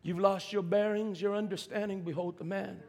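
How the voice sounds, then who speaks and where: High-voiced preacher man in a hall. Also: fairly even intonation, normal speed. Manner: preaching with wide swings from shouting to near whisper. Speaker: pastor. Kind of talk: sermon.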